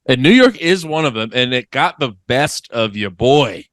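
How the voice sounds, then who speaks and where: A man's voice: mid-range voice, expressive, normal speed, a bit bright, no room sound. Dry-riffing man, comedy podcast co-host. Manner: dry, riffing, mock-serious. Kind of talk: casual comedy chat.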